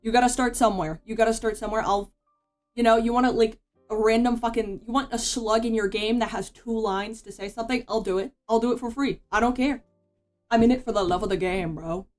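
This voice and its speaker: A woman's voice: fairly high pitch, fairly even intonation, brisk. Vtuber girl yapping while drawing, slangy and sweary, says bro a lot, faint music in the back. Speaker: VTuber streamer. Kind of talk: casual commentary while drawing.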